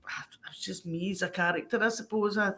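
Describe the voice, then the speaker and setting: A woman with a Scottish accent, a podcast guest telling animated anecdotes in a casual way. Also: medium pitch, fairly quick. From Scotland. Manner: lively, animated anecdotes broken by frequent laughter. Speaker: podcast guest, crime scene cleaner. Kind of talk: casual storytelling.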